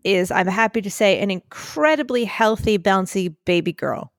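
A woman co-hosting a podcast in casual chat, animated and slightly breathy, recording from a makeshift spot in a puppy pen. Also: medium pitch, normal speed, no room sound, clean studio sound. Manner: animated, keeps addressing her co-host by name, acts out quotes. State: a little breathy. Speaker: podcast co-host.

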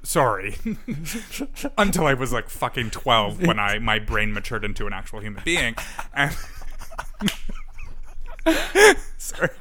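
Bright-voiced teasing man on a podcast. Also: on the low side, expressive, slight background noise. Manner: teasing, quick to laugh, profane. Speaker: podcast co-host. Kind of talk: casual comedic podcast chat.

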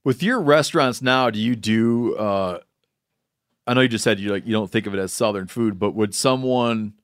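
A man hosting a podcast, asking halting questions with restarts and quick agreement. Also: fairly low pitch, clear, resonant tone, no echo, clean studio sound. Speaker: podcast host. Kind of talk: casual conversation.

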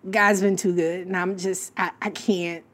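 A woman's voice: on the low side, measured pace. Middle-aged woman telling a heartfelt story. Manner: emotional, lively storytelling with voiced quotes of her late husband. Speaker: guest. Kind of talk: casual heartfelt talk show conversation.

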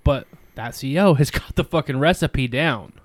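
A man's voice: medium pitch, normal speed, no room sound. Man, 30s, podcast host; loose, profane storyteller, mid-range voice. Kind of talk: casual chat.

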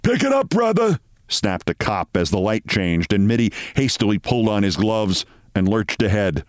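A man reading a short story aloud in a measured, even narration. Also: fairly low pitch, no room sound, studio quality.

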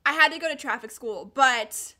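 A young woman in her twenties tells stories in a casual chat, lively and animated, laughing between lines. Her voice is bright and a little high. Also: moderate pace. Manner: animated storytelling with laughter and acted quotes. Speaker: guest storyteller.

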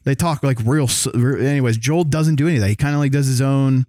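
A man from the American South, chatting casually as a co-host, rambling, excitable and full of swearing. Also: mid-range voice, fast, no room sound. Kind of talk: casual chat.

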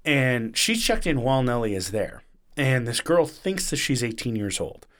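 A man hosts a podcast in a casual, animated way. He swears often and throws himself into quotes with shifting voices. His pitch sits at an ordinary middle for a man. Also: normal speed. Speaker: podcast host. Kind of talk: casual storytelling chat.

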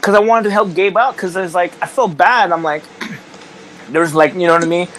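A man's voice: sits high, moderate pace, a bit bright, a little hiss or hum, poor audio. A man, a wrestler, chatting casually on a podcast, rambling with lots of restarts and swearing. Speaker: wrestler guest.

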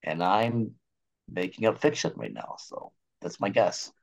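A man's voice: low voice, very animated, a little slow, gravelly. A man, a doctor appearing as a guest, talking animatedly and speculating in a casual interview.

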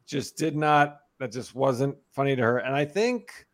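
A man's voice: mid-range voice, measured pace. A man in his thirties telling funny stories about his toddler in a casual chat. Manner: animated storyteller, mimics a toddler's voice in quotes.

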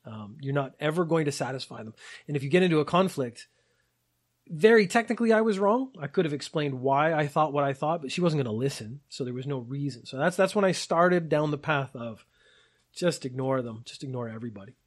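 Husky-voiced man in his forties. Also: a little high, animated, brisk. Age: 40s. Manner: reflective, wry, digressive. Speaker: storyteller. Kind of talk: personal anecdote monologue.

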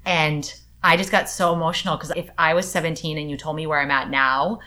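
Thirtysomething woman w a really low voice, chatty storytelling, lots of likes. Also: a little fast, a little hiss or hum. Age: 30s. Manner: chatty, animated storytelling with fillers. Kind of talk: casual chat.

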